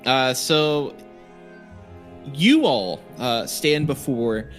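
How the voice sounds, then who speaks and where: A man narrates a tabletop game as game master, stopping often on fillers. His pitch moves in a lively way, with faint music underneath. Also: extremely slow. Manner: hesitant, filler-heavy descriptions.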